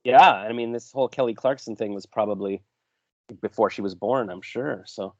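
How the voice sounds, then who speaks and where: A man's voice: on the low side, normal speed, no echo. A man hosting a podcast interview, telling long rambling stories and interrupting himself. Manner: rambling, self-interrupting storyteller. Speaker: podcast host. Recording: dull dry lo-fi sound.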